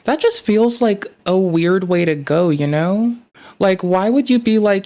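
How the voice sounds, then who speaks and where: A woman's voice: mid-range voice, animated, unhurried, dark tone. A woman streamer giving casual reaction commentary, rambling with profanity and sarcasm.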